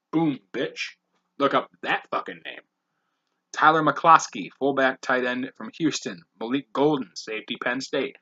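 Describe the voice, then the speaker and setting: A man hosting a podcast, briskly reading off a long list of names with blunt, profane asides. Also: mid-range voice, bright, forceful tone, dull audio. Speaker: podcast host.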